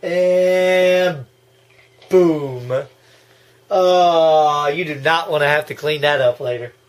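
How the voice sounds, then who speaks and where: Excitable high-voiced man reacting to a movie. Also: slow pace. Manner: excitable, gushing, bursts into laughs and yells. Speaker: movie commentary host. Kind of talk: casual movie reaction commentary.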